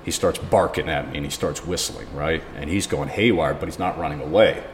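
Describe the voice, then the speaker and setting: A man's voice: extremely low pitch, fairly quick. A man guesting on a podcast, telling a rambling story casually and often laughing. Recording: reverberant room with faint noise.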